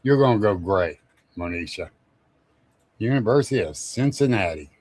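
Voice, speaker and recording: A man's voice: lowish voice, lively intonation, normal speed, a little mellow, dry recording. A man hosting a casual live stream, rambling, chuckling often and greeting viewers by name. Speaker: livestream host.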